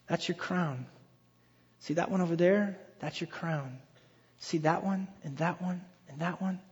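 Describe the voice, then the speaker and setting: A man preaching a sermon as pastor, telling stories in an animated way and acting out quoted voices. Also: high voice. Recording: dull reverberant hall sound.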